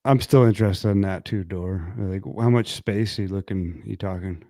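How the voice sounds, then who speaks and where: A man's voice: low-pitched, normal speed, dark tone, dry recording, studio quality. A man co-hosting a podcast in casual chat, joking and laid-back in his banter. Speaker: podcast co-host.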